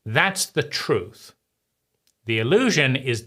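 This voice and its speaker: A man hosting his own channel, giving a slow, deliberate philosophical monologue with frequent pauses between phrases. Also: mid-range voice, lively intonation, bright, forceful tone. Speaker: channel host.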